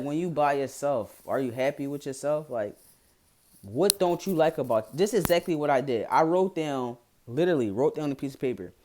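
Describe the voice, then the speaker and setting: A man's voice: medium pitch, darkish tone. A young man from Philadelphia with a Philadelphia accent, giving frank, blunt advice in a casual vlog and swearing freely as he talks to his viewers. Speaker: vlogger.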